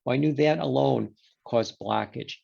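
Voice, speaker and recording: Man, gravelly and husky voice, animated storyteller, dull lo-fi audio. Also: mid-range voice, moderate pace. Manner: animated storyteller who voices quoted exchanges. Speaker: guest. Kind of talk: storytelling in a conversation.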